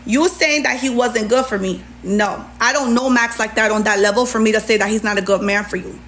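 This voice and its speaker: A woman's voice: a little high, brisk, fairly bright tone, slight background noise. A woman, ranting heatedly on a livestream and retelling an argument with plenty of sass. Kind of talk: livestream rant.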